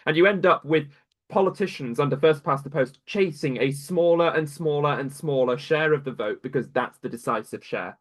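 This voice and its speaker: A man appearing as a guest on a casual live chat, with a slightly higher voice than most men. He talks in a dry, wry and articulate way. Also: moderate pace.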